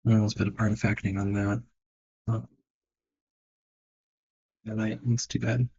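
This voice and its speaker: A man's voice: fairly low pitch, level tone, a little slow, vocal fry, darkish tone, muffled recording, a little hiss or hum. A man thinking aloud and judging his own work as he draws, in casual narration. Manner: muttered, self-critical thinking aloud. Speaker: digital artist. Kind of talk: casual narration while drawing.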